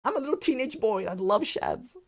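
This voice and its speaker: Man putting on a high, mocking fanboy voice; breathy, gushing, over the top. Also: expressive, a little fast, heavily acted. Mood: mocking swoon. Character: swooning teenage boy fan, giddy and breathy.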